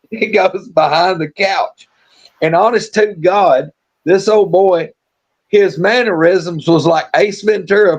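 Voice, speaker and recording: A high-pitched man spins a folksy, rambling yarn on a live stream. He restarts often and chuckles through the story. The audio is dull and lo-fi. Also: slightly rough. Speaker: storytelling co-host.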